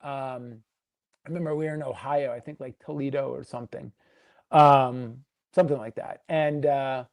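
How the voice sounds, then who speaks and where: In a laid-back interview, this man, a podcast guest who used to write for wrestling, spins a lengthy backstage story, filler-heavy and meandering, voicing the other people involved. He speaks at medium pitch with fairly even intonation and a moderate pace, slightly mellow, with no echo.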